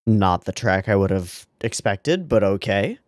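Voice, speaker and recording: A man's voice: on the low side, animated, a little slow, dry recording, studio quality. A man hosting an anime reaction video, swearing, laughing and talking back to what he watches. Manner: swears often and talks back to the screen; laughs and reads on-screen lines aloud. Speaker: anime reaction channel host. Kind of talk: casual reaction commentary.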